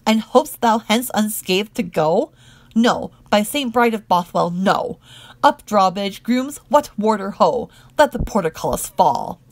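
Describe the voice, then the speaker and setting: A woman's voice: lowish voice, unhurried, creaky. A woman reading a fierce old earl. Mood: wrathful. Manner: stern, wrathful.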